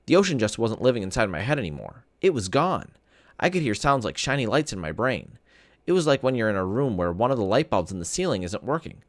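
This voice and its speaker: A man reads a novel aloud for his class, with a lowish voice that rises and falls with animation. The sound is dry and close, with no room echo. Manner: animated storytelling. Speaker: teacher reading to students. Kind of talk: expressive read-aloud of a novel.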